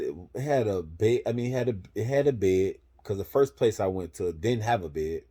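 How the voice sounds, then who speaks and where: Deep mellow-voiced dude from florida telling a story, cussing, lots of slang and "boom". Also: male voice, expressive, normal speed, few pauses. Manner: profane, slangy, punctuates with "boom". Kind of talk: casual storytelling.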